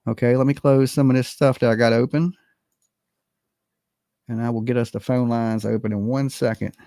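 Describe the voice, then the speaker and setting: A livestream host giving animated, blunt and profane commentary, talking straight to the chat and opening call-in lines. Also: medium pitch, normal speed, no room sound, clean studio sound. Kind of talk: live-stream commentary with call-ins.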